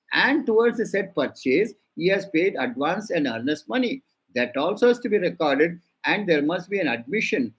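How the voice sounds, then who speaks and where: Husky-voiced older Indian man lecturing. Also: on the high side, rough recording. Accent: Indian English. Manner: emphatic, repeats key words for students to note. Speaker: law lecturer. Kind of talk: classroom lecture dictating a legal draft.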